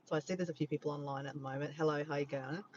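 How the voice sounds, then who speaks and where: A man's voice: fairly high pitch, fairly even intonation, very fast, muffled recording, a little hiss or hum. An Australian man chatting on a casual livestream from his phone in a parked car by the beach, rambling and easily sidetracked. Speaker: vlogger. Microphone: handheld phone camera.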